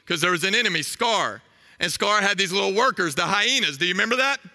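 A man in his thirties preaching a sermon, telling a story with animated energy and asking the crowd questions. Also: high-pitched, quick pace, long reverb tail.

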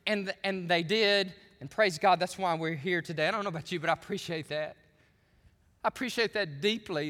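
A man's voice: high-pitched, moderate pace, pushed and bright, long reverb tail. A man from the United States preaching a sermon as pastor, swinging between chatty asides and fervent preaching.

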